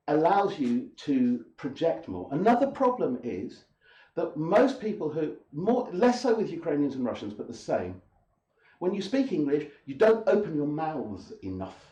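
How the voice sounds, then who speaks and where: A man giving an English-teaching lecture, with a voice that swings widely in pitch. He speaks emphatically and often repeats himself and asks rhetorical questions. The recording is echoey, like a room in a lecture hall. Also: big pitch swings, unhurried, mellow. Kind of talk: lecture to an audience.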